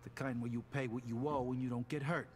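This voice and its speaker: A man voicing a quick, cool young enforcer. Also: medium pitch, steady tone, a little hiss or hum, lightly acted. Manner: tough, laconic. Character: young male war veteran turned enforcer, cool.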